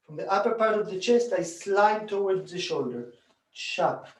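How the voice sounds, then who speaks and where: A man, a bodywork teacher, calmly explaining a hands-on demonstration and chanting rhythm sounds as he works. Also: high-pitched. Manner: calm, unhurried, counts and chants rhythm sounds while demonstrating. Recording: echoey room, voice from a distance.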